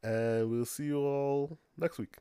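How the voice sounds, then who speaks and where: A man's voice: mid-range voice, a little slow, mellow, clear, resonant tone, dry recording. A man co-hosting a casual podcast, laid-back, laughing often and swearing casually. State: injured foot, immobile. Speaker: podcast co-host. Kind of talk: casual chat.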